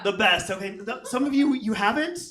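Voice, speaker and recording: A man's voice: high voice, lively intonation, moderate pace, background noise. A man doing a stand-up comedy set on a theater stage, rambling and self-deprecating with many fillers, recorded live with a crowd laughing. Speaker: stand-up comic. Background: audience laughter.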